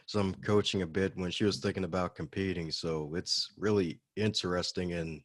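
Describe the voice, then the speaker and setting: A man with a low voice, hosting a podcast interview. He sounds eager and affirming, laughs easily, and the recording is dry and close, with no room sound. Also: fairly even intonation, moderate pace, no room sound. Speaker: podcast host. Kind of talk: casual interview conversation.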